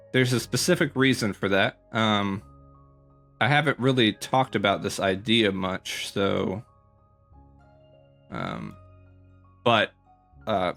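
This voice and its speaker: A man's voice: lowish voice, creaky, fairly bright tone. A man casually commentating a tour of his survival game world, rambling with lots of ums and self-corrections, a little out of breath. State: slightly out of breath. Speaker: gaming YouTuber.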